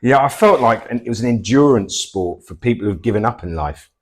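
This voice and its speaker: Teasing Portsmouth man with lively pitch. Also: a little fast. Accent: Portsmouth English. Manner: teasing, lively, dry quips. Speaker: comedy double-act host. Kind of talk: comic sketch banter.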